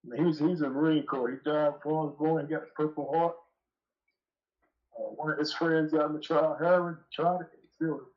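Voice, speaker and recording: A man's voice: on the high side, fairly even intonation, fairly quick, highs cut off. A man calling in as a guest, telling a rambling story in casual, profane talk, sounding aggrieved. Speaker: call-in guest. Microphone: phone call.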